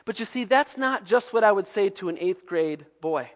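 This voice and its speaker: High-voiced man preaching in a hall. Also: lively intonation, moderate pace. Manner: conversational preaching, drops to hushed tones. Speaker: pastor. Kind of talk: sermon.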